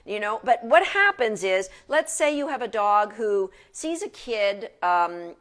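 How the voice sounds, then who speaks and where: A woman's voice: mid-range voice, sing-song, unhurried, a bit bright. A woman dog trainer giving an informal lecture from her couch at home in a chatty, casual way with frequent restarts.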